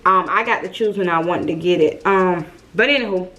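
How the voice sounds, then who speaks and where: A woman's voice: fairly low pitch, brisk, highs cut off, slight background noise. Young woman vlogging a storytime, chatty, lots of y'all, close camera mic. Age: young adult. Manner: chatty, addresses viewers as y'all, lively retelling. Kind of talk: casual storytime vlog.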